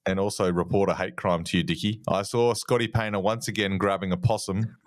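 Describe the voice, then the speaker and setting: Low-voiced Australian man, ribbing. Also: fairly even intonation, brisk, no echo, clean studio sound. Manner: rambling, ribbing storyteller. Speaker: podcast co-host. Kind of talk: casual podcast banter.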